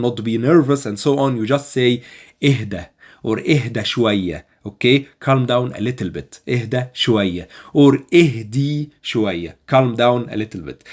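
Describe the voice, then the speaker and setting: A man with an Egyptian accent teaching spoken phrases, repeating each one slowly and patiently. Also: mid-range voice. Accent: Egyptian Arabic. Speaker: Arabic language teacher. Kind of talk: language lesson.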